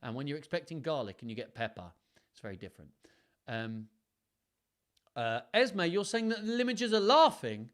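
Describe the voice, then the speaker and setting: A man's voice: a little high, very animated, normal speed, pauses often, fairly bright tone. A man hosting a live storytime, reading aloud and chatting playfully to viewers between passages. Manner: playful, chatty, self-mocking asides.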